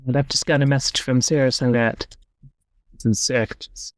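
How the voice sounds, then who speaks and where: A man's voice: medium pitch, steady tone, moderate pace, no room sound. A man hosting a podcast over an online call. He reads passages aloud and reasons through them in a casual, thinking-aloud way. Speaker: podcast host. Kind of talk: casual discussion and reading aloud.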